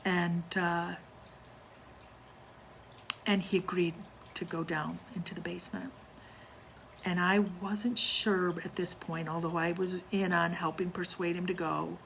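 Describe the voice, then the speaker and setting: An older woman tells a ghost story from her own childhood in a low, gravelly voice. She speaks slowly and quietly, often sinking almost to a whisper. Faint background noise sits under the recording. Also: flat delivery, rough recording. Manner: hushed, slow, dropping to near whispers. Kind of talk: personal ghost story narration.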